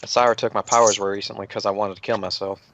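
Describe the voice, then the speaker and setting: A man's voice: fairly low pitch, flat delivery, very fast, heavy background noise, natural voice. A man voicing a remorseful young man sending a magical message to his mother, read in an earnest, apologetic way on a muffled recording.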